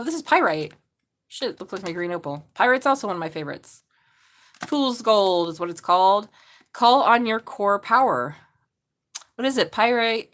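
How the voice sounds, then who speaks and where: A woman giving a live tarot reading, chatty and excitable, swearing casually and talking straight to her viewers. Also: medium pitch. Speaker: tarot reader.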